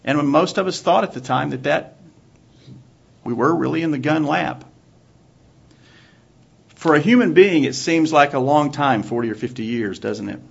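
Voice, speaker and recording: A man preaching a sermon to his congregation in a church, asking measured rhetorical questions. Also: on the high side, expressive, gravelly, husky. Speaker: pastor. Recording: dull lo-fi recording.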